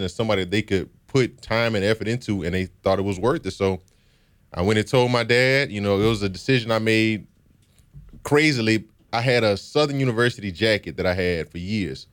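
Earnest low-voiced young man, reflective. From Baton Rouge, Louisiana. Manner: reflective, earnest, with frequent "you know"s. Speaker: interview guest, former college football player. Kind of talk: casual storytelling interview.

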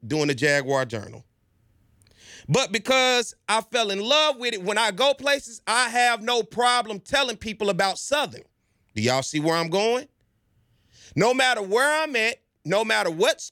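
High, bright-voiced man hyping his team. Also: no room sound, clean studio sound. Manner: emphatic, persuasive, often addresses listeners directly; slangy and conversational. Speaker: host of a college sports fan show. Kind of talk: casual commentary monologue.

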